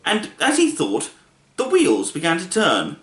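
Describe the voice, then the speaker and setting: A man reads a children's book aloud, playful and expressive. His voice is bright and animated, a little high for a man. The room adds a clear echo. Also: measured pace. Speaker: storybook reader. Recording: echoey room.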